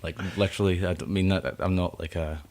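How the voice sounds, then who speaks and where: A man's voice: low voice, steady tone, a little fast, creaky, a little mellow. A Scottish man with a Scottish accent, a singer-songwriter guest chatting casually in a rambling, laid-back way. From Scotland. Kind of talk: casual chat.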